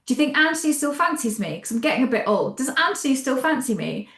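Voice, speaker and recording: A woman's voice: high voice, sing-song, fast, a bit bright, voice pushed up, heavily acted. A woman briefly voicing a fretful queen who anxiously asks whether her lover still wants her. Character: fretful middle-aged queen fishing for reassurance about her lover. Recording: roomy echo.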